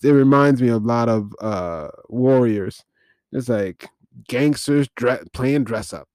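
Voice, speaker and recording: A man's voice: mid-range voice, a little mellow, dry recording, studio quality. A man hosting a podcast, recapping a film in a rambling, incredulous way and often correcting himself. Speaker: podcast host. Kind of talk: casual film-recap commentary.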